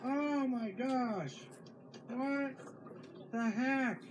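A woman's voice: high-pitched, very slow, noisy background. A woman vlogging from her van, chatting casually and scolding her kids in exasperated outbursts. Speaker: family vlogger. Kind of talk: casual vlog chat. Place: inside a van.

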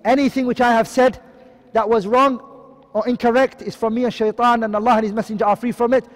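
A man teaching a tajweed lesson online, quickly reciting Arabic terms and then explaining them in English, often asking a question and answering it himself. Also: very high voice, flat delivery, big-room sound. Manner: quizzing, asks and answers his own questions.

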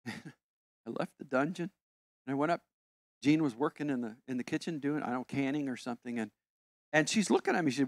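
A man's voice: on the high side, animated, normal speed, long pauses, no echo, studio quality. A man in his sixties, a pastor giving a conversational, emphatic sermon with personal stories. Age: 60s. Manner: conversational, emphatic, self-interrupting.

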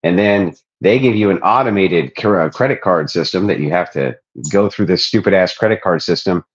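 A lower-voiced man from Ireland rants on a podcast, swearing freely and mocking his guests with exasperated sarcasm. The sound is muffled and a bit lo-fi. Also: normal speed. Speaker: show host. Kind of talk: ranting podcast banter.

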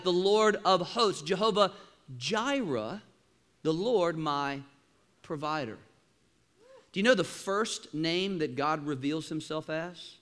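A man preaching a sermon in a church, animated, with sudden loud bursts and quieter asides. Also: on the high side. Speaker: pastor. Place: church auditorium.

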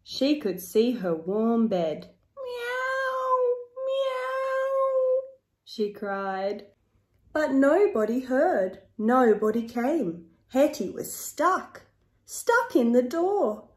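A woman reads a children's picture book aloud, slow and rhythmic. Her slightly high voice rises and falls a lot. The recording has a roomy echo. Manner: slow, expressive, rhythmic reading. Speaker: storyteller. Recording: echoey room.

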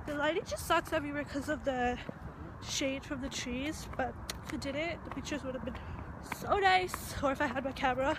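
A woman's voice: high voice, moderate pace, noisy background. A young woman in her twenties chatting casually to the camera as a vlogger, giggly and chatty while she is out and about. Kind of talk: casual vlog chat. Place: in a car and outdoors in a park. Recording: music playing behind.

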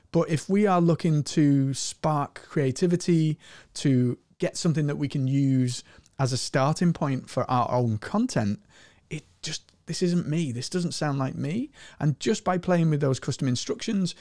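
A man with a Scottish accent hosting an energetic screen-share tutorial, talking with enthusiasm. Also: no room sound, clean studio sound. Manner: energetic and enthusiastic, often rising in pitch. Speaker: host.

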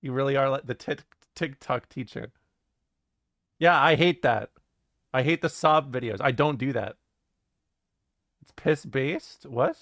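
A man's voice: medium pitch, unhurried, long pauses, a bit bright, no room sound, studio quality. A young adult man streaming casually, reading his chat aloud and answering it in a rambling, jokey way, often swearing and laughing.

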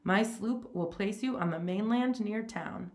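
A woman's voice: medium pitch, measured pace, darkish tone, lightly acted. Woman reading as a suave, menacing old general. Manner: genteel, mocking courtesy. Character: suave menacing aristocratic male hunter general.

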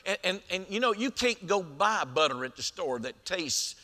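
A man preaches with a high, bright, ringing voice. He draws out his emphatic lines slowly and drops into quieter asides. The sound carries a long church-hall reverb. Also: very animated. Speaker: senior pastor. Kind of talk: sermon.

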